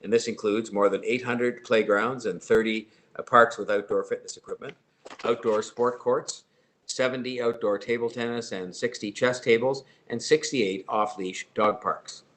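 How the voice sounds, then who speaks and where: An older man, speaking as mayor in a formal prepared announcement, measured and dotted with "uh" fillers. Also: mid-range voice, fairly even intonation, fairly bright tone.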